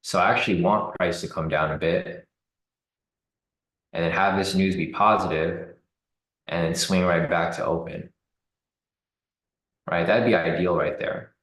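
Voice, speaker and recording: A man giving relaxed live commentary on a trading chart, thinking aloud with fillers. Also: deep voice, unhurried, long pauses, echoey room, poor audio. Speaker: trading streamer.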